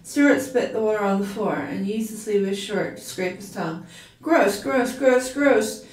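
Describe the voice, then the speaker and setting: A woman reading a chapter of a story aloud in a steady storybook style, now and then restarting a word. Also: medium pitch, brisk. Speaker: story reader. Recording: roomy, from a distance.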